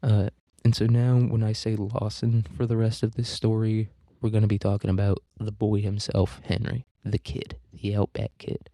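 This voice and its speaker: A man's voice: fairly low pitch, little pitch movement, normal speed, few pauses, mellow, no room sound. Young guy hosting a history podcast, profane and jokey, dry close recording. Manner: loose, profane and joking, with fillers and asides. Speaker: podcast host. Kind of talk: casual history podcast talk.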